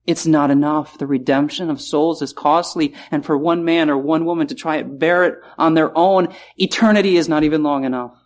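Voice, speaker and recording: A man preaching a sermon in a chapel, repeating key phrases and slowing down to stress words. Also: fairly high pitch.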